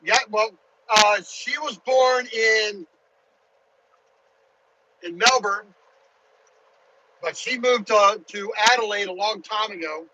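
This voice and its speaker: A man's voice: sits high, slow pace, pauses often, dull audio, background noise. A truck driver talking casually to his viewers while driving his truck, in a chatty, rambling way. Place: truck cab on the highway.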